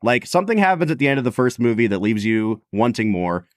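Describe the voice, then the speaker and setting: Talking fast in a mid-range voice, a man co-hosting a podcast discusses a film in a very animated, casual way, dropping "like" constantly. It's clean studio audio with no room sound.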